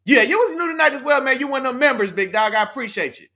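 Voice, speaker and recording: A high-pitched man with a bright, ringing voice, talking like a sports host on a live stream. He keeps it loose and hyped, and he peppers everything with "man" and "big dog" as he shouts out the chat. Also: fast. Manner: animated, hype, repeats slang tags like "man" and "big dog". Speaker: sports talk show host.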